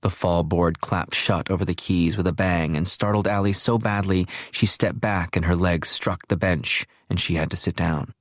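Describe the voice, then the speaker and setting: This male audiobook narrator reads a scripted story at a steady, measured pace. He has a low-sitting voice, captured at studio quality without any room sound.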